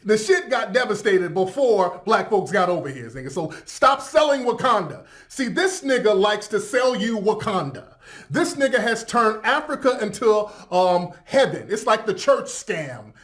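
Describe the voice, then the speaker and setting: A man's voice: high-pitched, very animated, normal speed, fairly bright tone. A man hosting a reaction video, giving profane, incredulous, mocking commentary and laughing as he talks.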